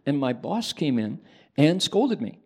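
A man's voice: a little high, sing-song, husky, heavily acted. A man voicing an eager male newspaper reporter who confides his struggles in a raised, earnest voice. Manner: earnest, confiding, talks in quick bursts.

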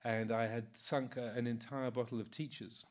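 Relaxed older man giving a Dharma talk. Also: medium pitch, moderate pace. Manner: relaxed and anecdotal, many fillers, often chuckling. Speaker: Buddhist monk teacher. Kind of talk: informal Dharma talk answering a comment.

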